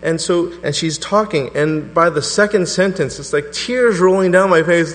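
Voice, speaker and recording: A middle-aged man preaching a sermon to a congregation, telling a personal story with animated energy. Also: normal speed, few pauses. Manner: animated storytelling, voice rising to a high pitch in quoted prayers. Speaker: pastor. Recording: reverberant hall with mains hum.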